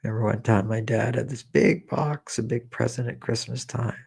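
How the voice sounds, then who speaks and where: Husky, gravelly man guiding a meditation. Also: mid-range voice. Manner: slow, repetitive, gently coaxing with personal memories. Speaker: meditation teacher. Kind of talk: guided meditation.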